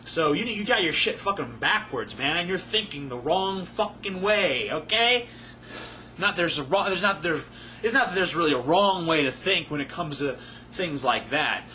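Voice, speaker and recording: A tipsy man with a fairly high voice rants to camera at a moderate pace, answering viewer questions in a rambling, profane, sarcastic way. His intonation is lively and his tone sharp, and there's a little hiss or hum on the recording.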